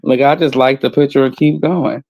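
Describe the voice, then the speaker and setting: A man chatting casually on a livestream, making wry, sarcastic jokes in a drawn-out delivery. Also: medium pitch, fairly even intonation, a little mellow, a little hiss or hum, rough recording. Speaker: stream co-host. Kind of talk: casual gossip chat.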